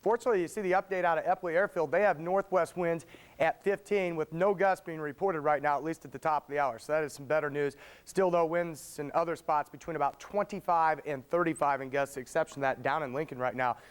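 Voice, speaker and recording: A man delivering a live TV weather forecast as chief meteorologist, in brisk, upbeat forecaster patter. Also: a little high, steady tone, clear, resonant tone.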